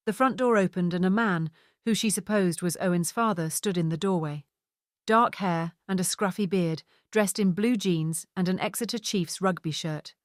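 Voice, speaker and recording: A woman narrates a book in a somewhat low, measured voice. The sound is dry and close, with no room around it. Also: no echo. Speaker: audiobook narrator. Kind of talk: scripted narration.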